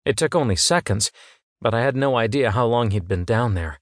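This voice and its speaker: A man's voice: mid-range voice, lively intonation, brisk, dry recording. Man narrating a story in a dry studio. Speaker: audiobook narrator. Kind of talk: first-person scripted narration.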